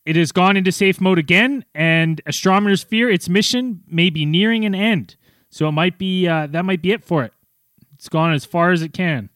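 A man hosts a podcast in easy, rambling chat with plenty of fillers. His voice is bright and fairly high, recorded close and dry. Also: moderate pace, no room sound. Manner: loose, rambling, with many fillers and laughs. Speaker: podcast host. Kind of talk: casual chat.

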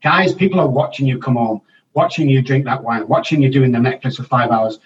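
A man's voice: mid-range voice, a little fast. Brief: older man, blunt and profane motivational guest, dull distant remote audio. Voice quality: blunt, swears freely, motivational. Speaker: addiction counselor and author, guest. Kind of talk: casual podcast interview.

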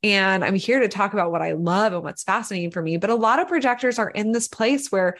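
A woman's voice: medium pitch, quick pace, fairly bright tone. A woman talking casually on a podcast as a guest, explaining ideas earnestly and acting out imagined quotes, with many "like" fillers.

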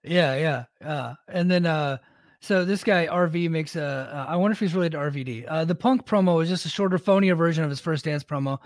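A man's voice: a little high, fairly quick, no echo, studio quality. A man co-hosting a podcast in casual talk, easygoing and agreeable, with many fillers. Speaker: podcast co-host.

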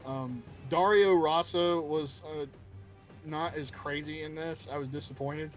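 A man co-hosting a casual podcast chat, excited and profane, laughing often. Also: on the high side, measured pace, faint music behind. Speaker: podcast co-host.

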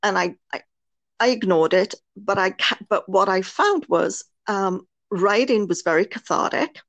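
A woman's voice: medium pitch, expressive, measured pace, fairly bright tone, no echo. A British woman, a nurse and author, speaking frankly and earnestly in a podcast interview, with frequent fillers. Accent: British English. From Britain. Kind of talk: candid personal interview.

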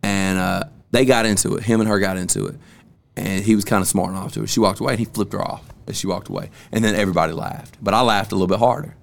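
Gravelly-voiced man telling stories, slangy. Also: on the low side, fairly even intonation, quick pace. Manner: storytelling, loose slangy talk with frequent cussing. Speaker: podcast host. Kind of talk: casual podcast chat.

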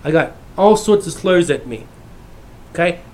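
Brief: male YouTuber, rather high voice, brash and profane casual rant. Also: expressive, normal speed. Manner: profane, brash, swings between shouting and mumbling. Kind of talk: casual ranting monologue.

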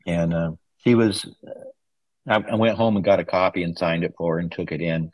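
A man with a very low, deep voice tells rambling stories in a casual interview. He slips into livelier voices when he quotes people. The recording is dry and close. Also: fairly even intonation, fairly quick, darkish tone, no room sound, low-quality recording. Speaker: guest, author's son. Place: West Coast wine region home.

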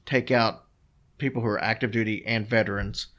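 A man's voice: on the low side, fairly even intonation, fairly quick, fairly bright tone. A man co-hosting a podcast in easygoing, rambling casual chat, with plenty of fillers. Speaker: podcast co-host.

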